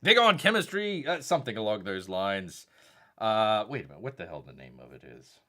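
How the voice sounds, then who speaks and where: Reading out messages from his viewers, this Southern man hosts a relaxed, rambling live stream and calls himself by a nickname in the third person. He talks briskly in a lowish, sing-song voice with a sharp tone.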